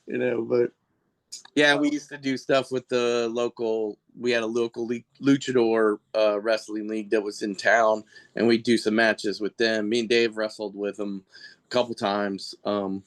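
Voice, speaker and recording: A man guest on a podcast, telling long, rambling stories in casual chat with lots of restarts and fillers. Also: moderate pace. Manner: jumps into high, animated voices when quoting people. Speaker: podcast guest, costume and effects artist for a shock rock band.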